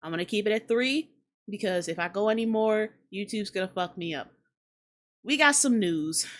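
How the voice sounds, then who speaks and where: A woman hosts a hip-hop commentary show, ranting casually in a blunt, profane way and repeating lines for emphasis. Her voice is medium-pitched and a bit bright, animated at a moderate pace.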